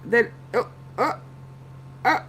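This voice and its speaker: A woman running a commentary channel talks straight to her viewers in a rambling, casual way, swearing as she searches for clips to react to. She speaks slowly in a bit of a bright voice.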